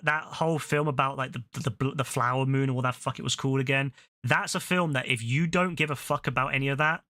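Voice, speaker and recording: A young Englishman with a British accent rants and swears a lot in casual chat while streaming a game, breaking into loud laughter. His mid-range voice comes through clean and studio-like, with no room sound.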